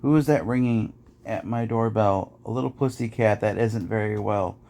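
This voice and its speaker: A man's voice: fairly low pitch, moderate pace, vocal fry, dark tone. A man reading nursery rhymes aloud in a rhythmic, sing-song way, as host of a podcast.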